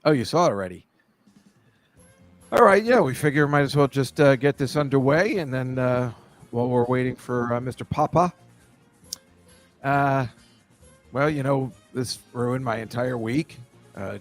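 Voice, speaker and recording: A man hosting a casual talk show, rambling and halting with lots of fillers. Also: medium pitch, faint music behind. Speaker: podcast host. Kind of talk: casual chat.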